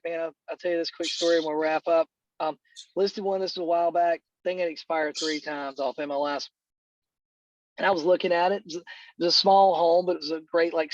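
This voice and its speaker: Middle-aged man, real estate agent, rambling casual storytelling, lots of fillers, slightly high voice, dull call audio. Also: no room sound.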